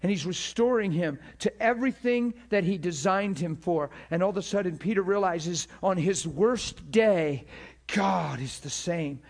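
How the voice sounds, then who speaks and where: A man's voice: high voice, unhurried. A man preaching a sermon with passion, praying aloud and telling a story, laughing between points. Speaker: pastor.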